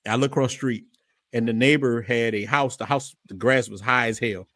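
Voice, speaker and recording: A man speaks as a podcast guest, telling a story from his own life in a lively, casual way and doubling back on his words. His voice sits at an ordinary middle pitch. The sound is dry and close, with no room echo. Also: brisk. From New Orleans area, USA. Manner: animated, repeats words while telling a story.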